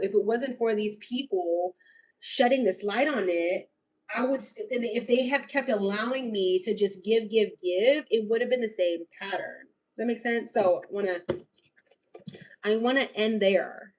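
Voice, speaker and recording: A woman's voice: medium pitch, moderate pace. A young woman on a live stream, talking candidly and at length, earnest and rambling. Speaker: livestream host. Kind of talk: candid personal livestream talk. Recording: voice a little far from the mic.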